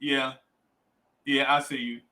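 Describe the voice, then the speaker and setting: A man's voice: medium pitch, takes it slowly, rough recording. A man hosting a livestream, animatedly telling a story and reading out chat comments. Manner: animated storyteller, acts out voices, reads chat aloud. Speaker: livestream host.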